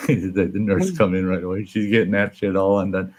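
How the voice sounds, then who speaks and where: A man's voice: deep voice, normal speed. A man hosting a casual livestream chat, telling stories bluntly with plenty of swearing and acting out the people in them. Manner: blunt, profane, acts out the people in his stories. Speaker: livestream host.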